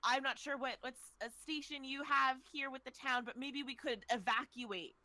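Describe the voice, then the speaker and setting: A woman with a bright, fairly high voice plays a tabletop game. She gives her character's speeches earnestly and giggles in between them. Her tone is clear and forward. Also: normal speed. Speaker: player.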